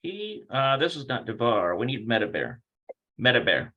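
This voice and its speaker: A man's voice: mid-range voice, very animated, normal speed, muffled recording. A man teaching a casual livestreamed language lesson, rambling, thinking aloud and correcting himself as he goes. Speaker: Hebrew teacher.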